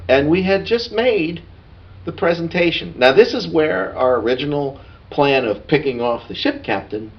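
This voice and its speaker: A man's voice: fairly high pitch, lively intonation, moderate pace. A man recapping a tabletop game session in a casual, rambling way, full of asides. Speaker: podcast co-host. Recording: dull lo-fi sound.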